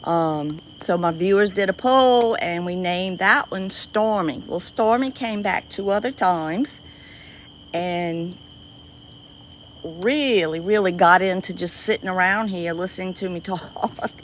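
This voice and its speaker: A woman with a Cajun accent and a squeaky voice, chatting casually with viewers on a livestream from an outdoor dock at night. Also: slow, slight background noise, rough recording. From Louisiana. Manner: chatty, greets viewers by name, easily delighted. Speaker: livestream host. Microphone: phone livestream.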